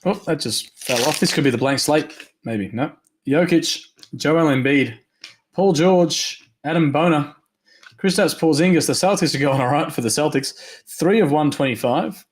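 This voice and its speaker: Man, card break host, slightly high voice, hoarse, quick upbeat name calling. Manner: rattles off names quickly, upbeat. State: losing his voice. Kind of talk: live card break commentary.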